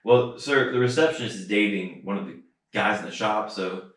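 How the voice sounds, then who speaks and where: Man, lower voice, profane storyteller, far from mic, echoey room. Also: moderate pace, a bit bright. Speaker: podcast co-host. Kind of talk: casual storytelling chat. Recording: roomy echo, distant mic.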